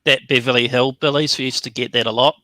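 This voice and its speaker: A man with a bright, mid-pitched voice on a dry recording, asking questions hesitantly with frequent ums. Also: fairly even intonation, quick pace, no echo. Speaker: guest. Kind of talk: casual chat.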